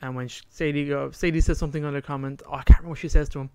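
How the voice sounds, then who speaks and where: A man's voice: a little high, fairly even intonation, rapid-fire, warm tone, smooth, dry recording. A man co-hosting a podcast in casual chat, animatedly retelling a story and acting out the lines, sometimes trailing off to recall details. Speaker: podcast co-host.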